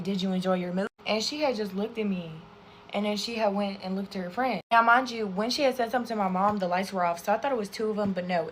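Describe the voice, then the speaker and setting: A young woman telling a casual storytime while doing her makeup, animated and profane, talking straight to her viewers. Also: mid-range voice, a little hiss or hum. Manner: animated, profane, chatty, addresses viewers as y'all. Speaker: storytime creator.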